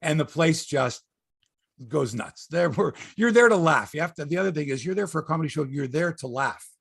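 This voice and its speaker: A man's voice: fairly high pitch, lively intonation, a little fast, creaky, breathy edge, dry recording, clean studio sound. A man hosting a sports podcast, telling rambling, profane stories in casual chat.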